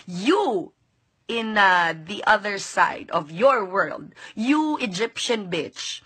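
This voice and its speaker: Indignant Filipino-accented woman, bright husky voice. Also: medium pitch, lively intonation, takes it slowly. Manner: indignant, sarcastic, switching between English and Tagalog. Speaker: vlogger. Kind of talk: angry direct-to-camera rant.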